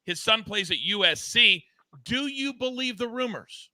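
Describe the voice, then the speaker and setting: A man's voice: high-pitched, lively intonation, unhurried, sharp tone, no echo. A man hosting a sports betting show, talking in hyped, emphatic banter and repeating phrases for effect. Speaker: show host.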